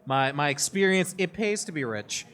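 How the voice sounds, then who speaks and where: Joking male player, higher voice. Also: animated, moderate pace, fairly bright tone, smooth. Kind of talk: live tabletop game play.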